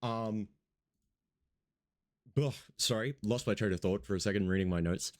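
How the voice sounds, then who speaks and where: Casual male radio host, just woken up, rambling and swearing, low-pitched. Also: normal speed, pauses often. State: just woke up, yawning. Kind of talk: casual radio show chat.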